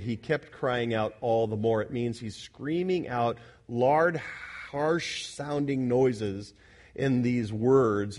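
A man with a somewhat high voice preaches in a plain, conversational way, putting questions to his congregation. He sinks to quiet, almost muttered asides, then builds to loud, shouting emphasis. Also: husky. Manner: conversational, asks the congregation questions, self-correcting. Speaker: pastor. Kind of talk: expository sermon.

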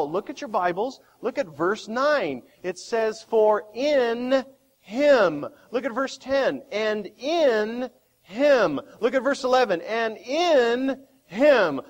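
A man preaching a sermon as pastor, with dramatic swings between quiet and loud. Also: high voice. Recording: long hall reverb.

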